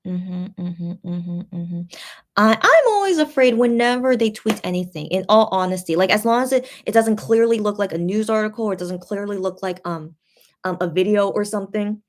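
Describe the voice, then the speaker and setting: A young adult woman hosting a casual livestream, reading out viewer comments and talking them through in a halting, comforting way with many restarts. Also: medium pitch, expressive. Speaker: livestream host reading fan chat.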